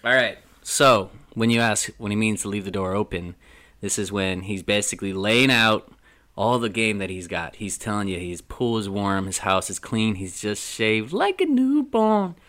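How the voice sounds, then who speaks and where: A man's voice: fairly low pitch, steady tone, normal speed, bright, forceful tone. A man chatting casually about a song, joking and swearing freely. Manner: joking, swears, acts out silly characters. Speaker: co-host.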